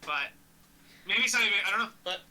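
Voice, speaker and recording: Bright-voiced man narrating as game master. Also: high voice, lively intonation, low-quality recording. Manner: halting, laughs between phrases. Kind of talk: narrating a tabletop game over voice chat. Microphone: webcam microphone.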